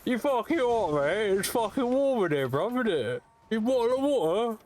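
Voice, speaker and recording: A man's voice: a little high, big pitch swings, moderate pace, husky, faint music behind, heavily acted. A man putting on a cocky, swearing young British lad with heavy slang. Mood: mocking. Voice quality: loud, slangy, swaggering.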